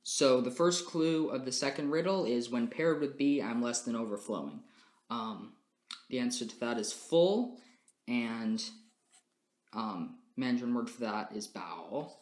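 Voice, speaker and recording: A young man works through a class presentation one step at a time, with plenty of "um" and "uh" fillers as he goes. His voice sits at an ordinary middle pitch, and the recording has a roomy echo around it. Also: a little slow. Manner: methodical step-by-step explaining with frequent fillers. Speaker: language student.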